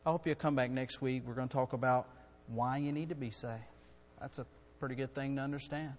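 A middle-aged man preaching a sermon in a church, earnest and building to loud, urgent storytelling. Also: medium pitch, fairly even intonation, brisk. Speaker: guest preacher. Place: church sanctuary. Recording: long hall reverb.

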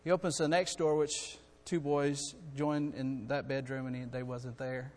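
A middle-aged man preaching a sermon in a church, earnest and building to loud, urgent storytelling. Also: mid-range voice, flat delivery, measured pace. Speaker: guest preacher. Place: church sanctuary. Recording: long hall reverb.

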